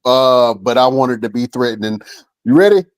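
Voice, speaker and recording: A man's voice: medium pitch, lively intonation, brisk, smooth. A man hosting a wrestling podcast, chatting casually and enthusiastically with slangy talk and easy laughter. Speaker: podcast host. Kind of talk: casual interview chat.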